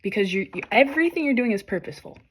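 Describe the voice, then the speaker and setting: A young woman reads tarot cards for her viewers in a loose, animated way. She swears freely and speaks straight to the people watching, pushing them to go after their purpose. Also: a little high, racing, slight background noise. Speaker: tarot reader. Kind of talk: casual tarot reading to camera.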